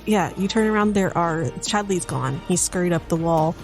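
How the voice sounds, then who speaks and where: A woman game master narrates a tabletop fantasy game in a relaxed, descriptive way. Her voice sits slightly low. Music plays clearly in the background. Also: moderate pace. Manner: descriptive, casual.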